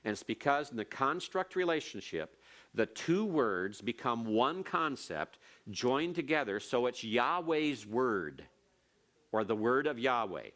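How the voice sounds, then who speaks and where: A man's voice: mid-range voice, big pitch swings, measured pace, fairly bright tone. Man teaching grammar in a patient lecture. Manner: patient, explains step by step with repetition. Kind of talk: classroom lecture.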